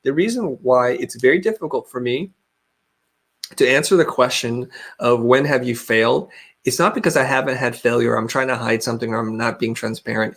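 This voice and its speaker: A middle-aged man speaks over a video call in a candid, storytelling way. His pitch sits mid-range, and he often restarts his sentences as he works through a story. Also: fairly bright tone. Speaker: guest. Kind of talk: webinar interview.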